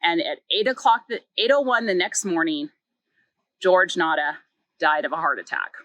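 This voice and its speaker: A woman's voice: on the low side, normal speed, fairly bright tone, no room sound, low-quality recording. A woman reviewing a book, retelling its plot in a chatty way with many filler words and small acted quotes. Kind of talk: casual story recap.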